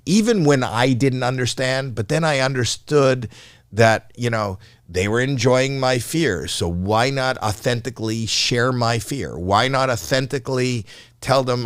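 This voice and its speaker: A man's voice: medium pitch, no echo, studio quality. A man in his sixties, a comedian guest, telling candid, profane stories with restarts, acting out his panicked younger self. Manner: animated, acts out his old stage panic in a raised voice; profane, repeats and restarts mid-sentence. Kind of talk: candid storytelling in a podcast interview.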